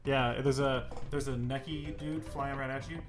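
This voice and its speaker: A young man co-hosting a podcast, chatting casually about video games in a jokey, lively way and laughing often. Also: medium pitch, normal speed, over music. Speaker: podcast co-host. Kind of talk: casual gaming chat.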